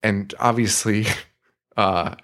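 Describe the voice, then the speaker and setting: A man co-hosting a podcast, casually retelling a film scene with excitement, swearing and laughing. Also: on the low side, takes it slowly. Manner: excitable retelling, swearing, putting on silly voices. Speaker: podcast co-host. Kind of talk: casual film-review chat.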